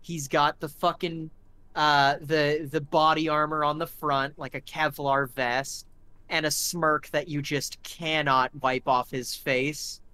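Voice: medium pitch, little pitch movement, takes it slowly, bright, forceful tone, no room sound. A game master narrating a tabletop game in a casual, rambling way, full of fillers and swearing.

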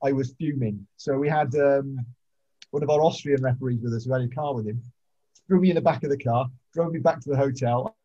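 This rugby referee, a podcast regular, has a medium-pitched, dark-toned voice and speaks fairly quickly. He's chatting casually over a video call with muffled lo-fi sound, sharing blunt stories full of swearing.

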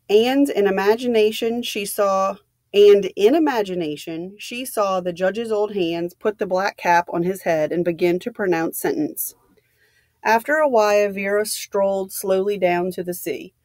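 Teacher reading aloud, dry close sound. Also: female voice, mid-range voice, a little mellow, no room sound. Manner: casual, plain instructions between readings. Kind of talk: reading a novel aloud for a class. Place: room at home.

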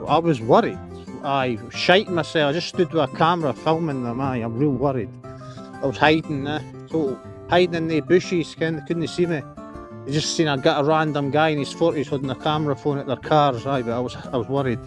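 A man's voice: a little high, a little fast, music in the background. A Scottish man chatting casually and swearing as he films himself walking his dog on a beach. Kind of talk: casual chat while walking outdoors. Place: outdoors on a beach.

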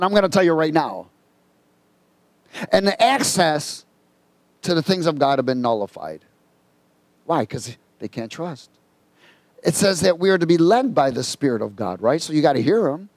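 Folksy, higher-voiced male preacher. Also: lively intonation, moderate pace, long pauses, no echo. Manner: colloquial storytelling, folksy. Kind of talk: sermon.

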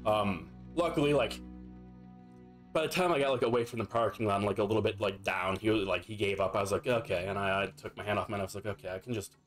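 A man's voice: fairly low pitch, fairly even intonation, fast talker, faint music behind. A young man streaming a game, telling a story in a rambling, profane, filler-heavy casual way. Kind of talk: casual storytelling while gaming.

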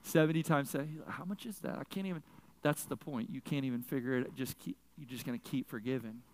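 A man preaching a sermon as a pastor, telling a story in a casual, animated way with slang asides. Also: mid-range voice, a little fast. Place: large church sanctuary. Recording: long reverb of a large hall.

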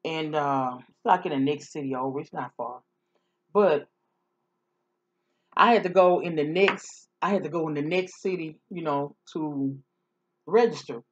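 A woman's voice: low voice, a little slow, long pauses, highs cut off. Sassy chatty woman telling a story. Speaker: vlogger. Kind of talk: casual storytime chat.

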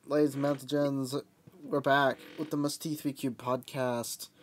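A woman's voice: extremely low pitch, level tone, moderate pace, background noise. A woman hosting a casual gaming podcast, teasing her co-host and swearing and laughing often.

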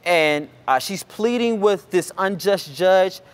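A man's voice: sits high, takes it slowly, clean tone. A man preaching a sermon, casual and conversational, acting out the people in the story. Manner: acts out Bible characters in lively voices. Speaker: pastor.

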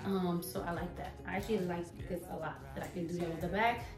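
A woman's voice: on the low side, quick pace. A woman vlogging a casual try-on haul, chatty and playful, a little out of breath, talking to a camera mic at a distance in a room at home. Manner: chatty and playful, hyping herself up. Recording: roomy echo from far off, faint music.

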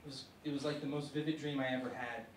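A young man performing a stand-up set on a university stage, telling it in a halting way with many restarts. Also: mid-range voice, steady tone, slight background noise. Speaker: stand-up comedian. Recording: echoey room, from far off.

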